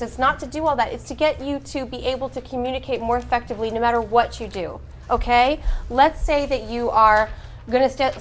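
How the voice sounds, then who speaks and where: A woman teaching a class, speaking slowly and precisely in her teacher voice. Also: on the high side, a little hiss or hum.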